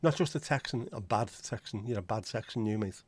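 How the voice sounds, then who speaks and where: A Liverpool-accented livestream host chats casually, joking around, swearing freely, and greeting viewers by name. His pitch is fairly low and his tone darkish with a breathy edge, and he talks a little fast.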